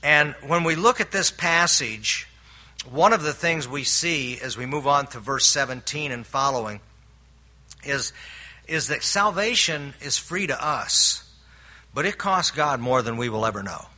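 A man's voice: medium pitch, expressive, unhurried, pushed and bright. An older man preaching a sermon in an earnest way, explaining scripture with homely stories and frequent restarts. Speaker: pastor.

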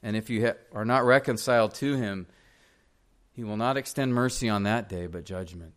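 A man's voice: lowish voice, normal speed. A male pastor preaching a sermon in a church, earnestly pressing direct questions on the congregation.

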